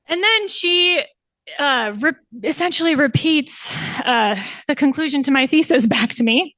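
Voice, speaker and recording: A woman's voice: sits high, lively intonation, a little slow, a bit bright, dry recording. A young woman presenting her thesis, telling a client's story and animatedly acting out the quoted voices with laughs. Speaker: somatic practitioner presenting thesis.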